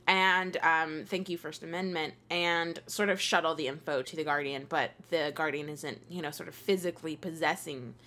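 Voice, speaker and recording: A woman co-hosting a casual chat show, sarcastic and quick to laugh. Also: low voice, steady tone, bright, forceful tone. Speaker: co-host.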